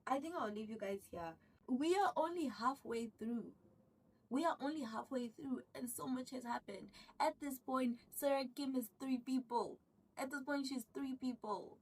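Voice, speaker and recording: A woman casually retelling a drama's plot, excitable and rambling. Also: high voice, normal speed, slightly rough, distant mic, poor audio. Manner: excitable, rambling, acts out characters' lines. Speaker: vlogger recapping a drama. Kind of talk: casual storytelling recap.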